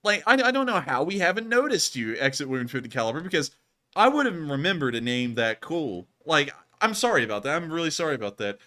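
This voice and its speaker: A young man hosting a live stream in a bright, slightly high voice. He talks in a casual, excitable, rambling way, full of "like" and restarts. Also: a little fast. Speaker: host of a live news stream.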